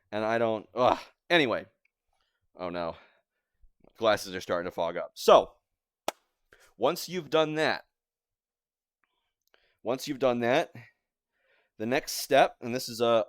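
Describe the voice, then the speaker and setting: A young man talks his way through a home-cooking livestream at a middle pitch. He rambles, restarts sentences, pokes fun at himself and trails off with filler words. The sound is close and dry, picked up by a phone on a tripod in his kitchen. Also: no echo. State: teary-eyed from onions. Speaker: cooking streamer. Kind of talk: casual live-stream cooking chat.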